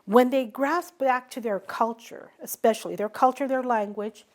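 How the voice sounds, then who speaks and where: Animated middle-aged woman telling stories. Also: on the high side, moderate pace. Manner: animated, acts out quoted dialogue. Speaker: interviewee, small business owner. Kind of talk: conversational storytelling interview.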